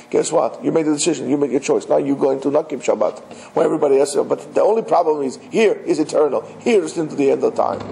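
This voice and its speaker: A man's voice: on the high side, creaky, warm tone, low-quality recording. A man, a rabbi, giving an emphatic religious lecture and speaking straight to his listeners with rhetorical questions. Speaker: rabbi teaching.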